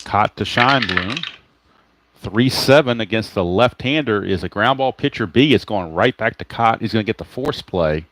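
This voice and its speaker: A man's voice: lowish voice, expressive, moderate pace, fairly bright tone, a little hiss or hum. A man giving casual play-by-play of a tabletop baseball game, explaining each roll and chatting to viewers by name.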